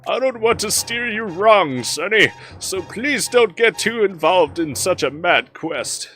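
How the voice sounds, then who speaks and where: A man's voice: high-pitched, animated, unhurried, sharp tone, faint music behind, voice pushed up, full character voice. A man voicing a rambling, kindly old hermit in a shaky elderly voice while reading game dialogue aloud.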